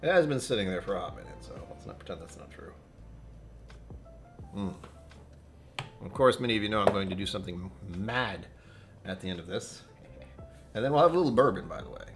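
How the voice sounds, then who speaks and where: A man with a fairly low voice chats casually through a whisky tasting on a live stream. He rambles from one topic to the next, pokes fun at himself and answers his viewers. Soft music plays faintly behind him. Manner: rambling, self-deprecating, jumps between topics; chats to viewers and reads out their comments.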